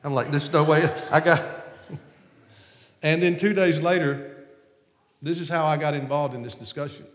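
A man with a Southern American accent telling a story to an audience in an animated, laughing way. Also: on the high side, a little slow, long pauses. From Southern United States. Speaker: speaker on stage. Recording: echoey hall with long reverb.

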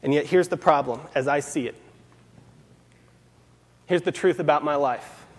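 A man's voice: a little high, measured pace. Earnest preacher man in a reverberant hall. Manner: earnest, repeats key phrases for emphasis. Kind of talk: sermon.

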